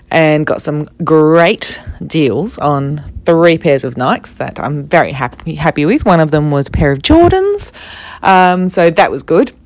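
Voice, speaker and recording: A woman's voice: sits low, no echo. A young Australian woman telling travel stories in a chatty, casual way. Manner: chatty, animated when quoting others, soft when serious. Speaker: travel vlogger. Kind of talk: casual storytelling.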